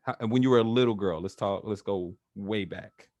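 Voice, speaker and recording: A man's voice: lowish voice, normal speed, a little mellow, dry recording, lo-fi sound. A man working as a coach who talks in a casual, chatty way, with filler words and frequent laughs, over a video call. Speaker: NLP trainer, guest.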